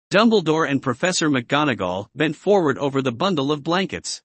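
A man reading a storybook aloud in a steady, expressive way, his voice sitting somewhat high for a man. The recording is dry and close, with no sense of a room. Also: a little fast, hardly any pauses, no room sound. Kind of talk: audiobook-style story reading.

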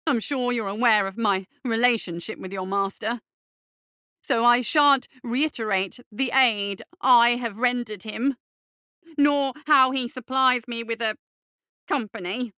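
A man's voice: very high voice, steady tone, a little slow, pushed and bright, smooth, dry recording, studio quality, exaggerated voice. A woman voicing Derber, a whiny fop. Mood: pompous. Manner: whiny, pompous and fussy. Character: thin foppish cowardly male guild bureaucrat. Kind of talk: audiobook character voice.

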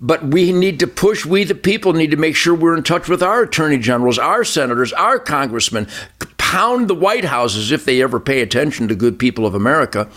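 A man's voice: on the high side, expressive, brisk, a bit bright. An older man delivers a heated political talk-show rant in a slightly raised voice. He stacks up repetitive lists with fiery emphasis. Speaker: show regular, commentator.

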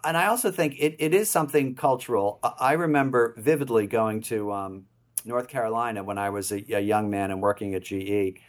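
A man's voice: lowish voice, fairly quick. A man who is a Jesuit priest, talking casually as an interview guest, rambling a little with many "you know"s and easy laughs. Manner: laughs easily while talking.

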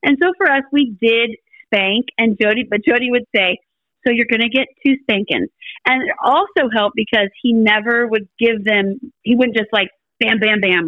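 In a casual podcast chat, a middle-aged guest animatedly recounts family stories, acting out her relatives' dialogue. Her voice is medium-pitched, and the recording is dry and lo-fi.

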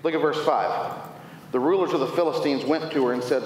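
A man preaching a sermon, retelling a Bible story with playful, animated storytelling, swinging between loud and quiet. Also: a little high, a little fast. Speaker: pastor. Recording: echoey hall, faint noise.

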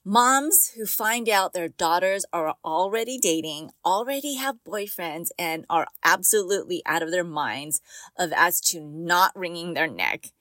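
A woman's voice: fairly low pitch, animated, unhurried, fairly bright tone, dry recording. A middle-aged woman hosting a podcast for moms, talking in a chatty, encouraging way and laughing often. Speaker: podcast host and mom coach. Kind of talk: casual podcast monologue.

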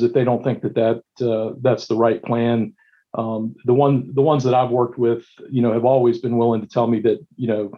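A man's voice: mid-range voice, lo-fi sound. A male emergency physician telling stories from his shifts, with many restarts and fillers. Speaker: emergency physician, medical director. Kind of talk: recounting stories in a panel discussion.

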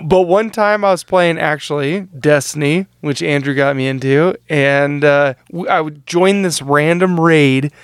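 A man in his thirties chats casually and makes fun of himself. His voice is smooth and clear and sits fairly high. The recording is dry and close. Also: measured pace, few pauses, dry recording. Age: 30s. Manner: joking, self-mocking. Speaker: podcast host. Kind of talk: casual chat.

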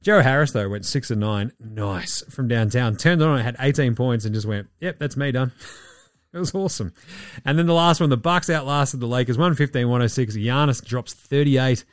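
A man's voice: medium pitch, normal speed, hardly any pauses, no room sound, studio quality. A man hosting a podcast in casual sports chat, blunt, joking and swearing freely. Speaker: podcast host.

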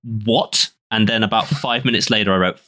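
A man's voice: on the low side, fairly even intonation, normal speed, sharp tone, no room sound, studio quality. A man co-hosting a casual film podcast, talking enthusiastically and emphatically with frequent laughter. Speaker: podcast co-host.

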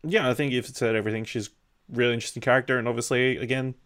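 A man's voice: mid-range voice, fairly even intonation, very fast, fairly bright tone, clean tone. A man co-hosting a casual TV review chat, laid-back and brief, often finishing his partner's points. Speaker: podcast co-host.

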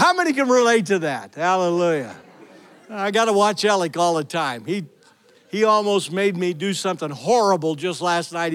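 High-voiced pastor preaching with energy. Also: male voice. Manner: energetic storytelling, calls out to the congregation. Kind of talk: sermon.

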